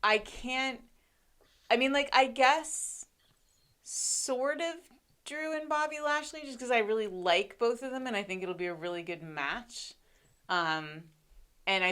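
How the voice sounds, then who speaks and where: Bright, smooth-voiced woman co-host. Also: fairly low pitch. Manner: chatty, lots of ums and likes. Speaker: podcast co-host. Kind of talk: casual chat.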